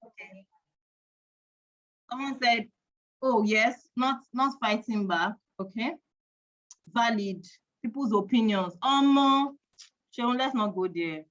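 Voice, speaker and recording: A woman hosts a live online parenting quiz. Her voice sits a little high. She counts aloud and teases the audience in a playful, chatty way, and the stream audio sounds dull and lo-fi. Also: slow, long pauses, fairly bright tone. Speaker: host of an online parenting event.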